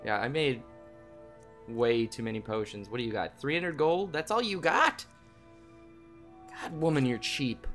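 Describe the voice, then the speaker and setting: A young man hosting a game play video, talking to viewers in a goofy way and breaking into loud yelps and yells. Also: mid-range voice, a little slow, pauses often. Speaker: gaming channel host. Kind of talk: let's play commentary. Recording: game music playing softly behind.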